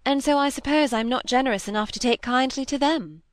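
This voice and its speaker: Arch witty young woman, playful, higher voice, dry close sound, read by a woman. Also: a little fast, no room sound, natural voice. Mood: teasing. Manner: arch, playful, lightly scornful.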